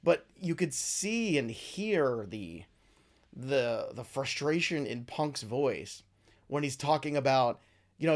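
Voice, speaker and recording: A man hosting his own talk show, giving opinionated, rambling commentary with lively swings in pitch and loudness. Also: measured pace. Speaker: podcast host. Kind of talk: casual wrestling commentary.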